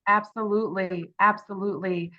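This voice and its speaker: A woman in her thirties leading a workshop in a conversational tone, often asking "right?" and pausing on fillers. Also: medium pitch, steady tone, muffled recording. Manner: conversational, tag questions, many fillers. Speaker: workshop facilitator. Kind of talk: online workshop talk.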